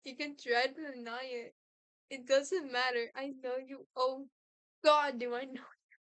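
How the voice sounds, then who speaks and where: A woman voicing a possessive, obsessive young woman who fixates on a stranger. She speaks slowly, in an intimate and menacing way. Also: high-pitched, fairly even intonation, fairly bright tone, smooth, no echo.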